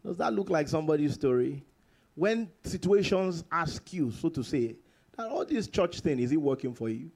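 A man preaching a sermon in church, reading scripture slowly and emphatically, swinging between loud exclamations and quiet, drawn-out lines. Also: a little high, expressive. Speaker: pastor.

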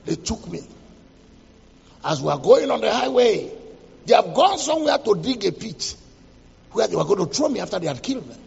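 A pastor gives a dramatic sermon testimony, his high voice leaping about in pitch. The tone is raspy and gravelly, and he quotes scripture as he swings from loud to hushed. He sounds distant in a long-echoing hall on a dull, muffled recording. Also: very animated, normal speed, long pauses.

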